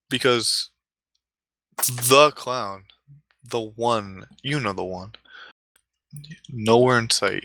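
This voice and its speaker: A man telling a comic story in a deliberate way, with dramatic pauses and asides. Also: mid-range voice, sharp tone, dry recording.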